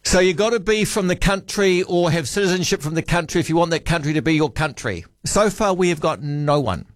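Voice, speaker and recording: A man's voice: a little high, animated, a little fast, no echo, clean studio sound. A man hosting talk radio, chatty and musing aloud. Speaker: radio host.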